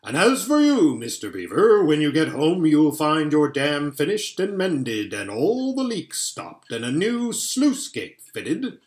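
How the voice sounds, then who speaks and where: A big, solemn old Father Christmas from a storybook, voiced by a man, glad and grand. He proclaims his lines loudly and a touch higher than the reader's usual voice, with a commanding, generous manner. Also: very animated, measured pace, few pauses, reverberant. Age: older.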